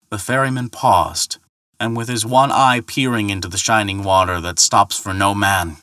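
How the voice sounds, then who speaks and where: A man telling a myth as scripted narration, in a measured storytelling manner. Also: lowish voice, steady tone, bright, forceful tone, no room sound, clean studio sound.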